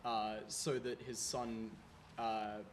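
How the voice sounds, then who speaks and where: Slow, deliberate young man. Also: mid-range voice, little pitch movement, slight background noise. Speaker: podcast co-host. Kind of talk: casual chat.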